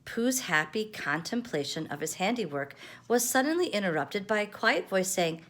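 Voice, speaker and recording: A woman's voice: medium pitch, normal speed, hardly any pauses. Older woman reading a storybook. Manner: gentle expressive read-aloud, varied intonation. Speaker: grandmother storyteller.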